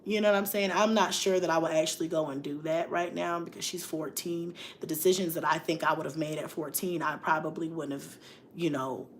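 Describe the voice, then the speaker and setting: Candid laughing woman, lowish voice. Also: fairly even intonation, fairly quick, a little hiss or hum. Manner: frank, emotional, laughs often, reads viewer comments. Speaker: mom vlogger on a livestream. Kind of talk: candid livestream chat.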